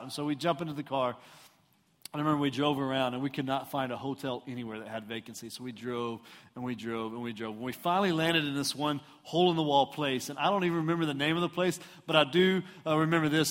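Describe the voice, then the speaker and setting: Man, from Houston, preaching, self-mocking stories, slightly raised pitch, reverberant church hall. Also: quick pace. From Houston, Texas. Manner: animated, self-mocking storyteller who acts out voices. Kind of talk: storytelling sermon.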